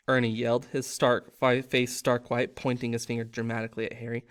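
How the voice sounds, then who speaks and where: Man narrator reading a storybook aloud, mid-pitched, relaxed, chatty asides. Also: fast, few pauses. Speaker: reader.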